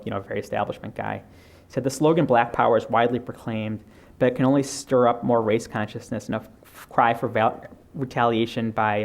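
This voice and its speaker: A man giving a keynote lecture on political history, reading out quotes and speaking with frequent fillers and restarts. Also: medium pitch. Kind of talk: academic lecture. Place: lecture hall.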